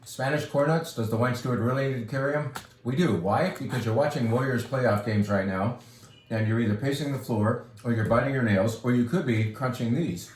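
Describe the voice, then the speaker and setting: A man from California fronts a wine shop video, rambling cheerfully through product talk and a wine tutorial with jokey asides. He speaks briskly at medium pitch, and the reverberant recording carries a little hiss or hum.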